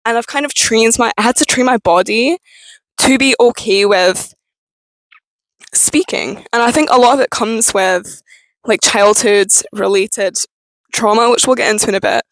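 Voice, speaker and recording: A young woman with a strained, tense voice, talking candidly and with plenty of swearing to camera, with halting restarts. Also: a little high, dry recording, poor audio. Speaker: vlogger. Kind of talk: candid personal talk to camera.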